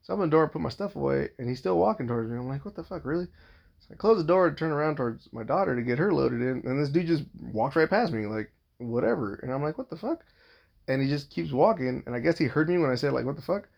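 A man's voice: medium pitch, expressive, quick pace, gravelly, hardly any pauses, dull audio. A man telling a rambling personal story in a casual monologue, swearing freely and restarting his sentences.

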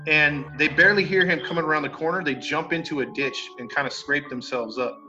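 A man hosting a podcast, telling a true crime story in a casual, slangy way. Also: fairly high pitch. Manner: animated, slangy, acts out quotes. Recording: dull lo-fi sound with faint music.

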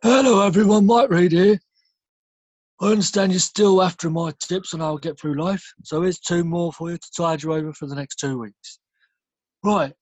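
A man voicing a cheeky con-man who gives life tips and pitches a business. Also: normal speed, a little mellow, no room sound. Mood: salesy. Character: cheeky male con-man Mike Reed giving tips.

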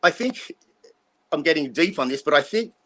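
A man's voice: fairly high pitch, expressive, normal speed, a bit bright. A blunt man in his fifties, rambling and swearing as he talks through life lessons in an interview. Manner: blunt, rambling, profane motivational talk. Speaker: guest. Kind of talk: casual interview talk.

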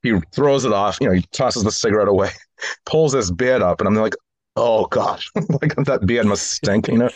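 Deep-voiced man in relaxed film chat. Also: moderate pace, no echo. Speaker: podcast co-host.

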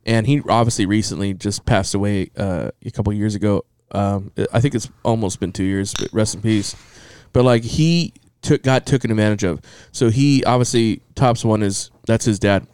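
A man's voice: fairly low pitch, moderate pace, hardly any pauses, smooth, no echo. A man telling stories from his family in casual, swearing chat, often acting out what people said. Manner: profane, storytelling, acts out quotes loudly.

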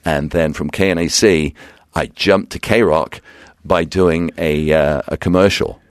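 A man with a very low voice tells career stories as a guest on a talk show, putting on the voices of the people he quotes. The sound is close and dry, with no room around it. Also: a little slow, no room sound. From England. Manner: animated storyteller acting out quotes. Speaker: DJ and radio personality, guest. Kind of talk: casual storytelling interview.

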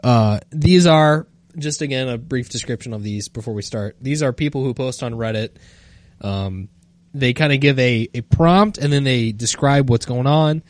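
A man's voice: medium pitch, moderate pace, no room sound. Laid-back podcast guy reading stuff off reddit, medium voice. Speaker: podcast co-host. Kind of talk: casual chat, reading posts aloud.

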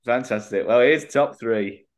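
Male podcast co-host, laughs a lot, chatty storyteller, medium pitch. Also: measured pace, over music. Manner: giggly storyteller, laughs often. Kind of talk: casual comedy podcast chat.

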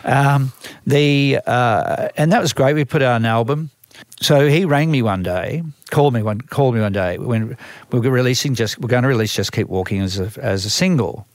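A man's voice: mid-range voice, normal speed, no room sound, studio quality. An older Australian man who manages a band, telling long rambling stories from his career in a casual interview, full of restarts and acted-out quotes.

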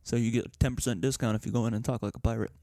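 A man's voice: medium pitch, steady tone, racing, dark tone, dry recording, clean studio sound. A man co-hosting a casual sports podcast, talking in an easygoing, rambling way. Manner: easygoing, rambling, with lots of fillers. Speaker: podcast co-host.

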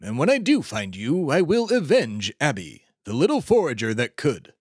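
A man playing a pompous, self-important patriot senator who delivers grandiose claims with a deadpan manner. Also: mid-range voice, moderate pace, husky, no echo, clean studio sound. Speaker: comedy podcast host. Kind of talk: scripted comedy sketch.

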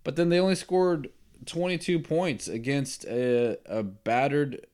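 A man's voice: a little high, steady tone, measured pace, darkish tone. A man hosting a podcast, giving rambling, opinionated football talk and laughing at his own jokes. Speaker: podcast host. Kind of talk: casual sports talk.

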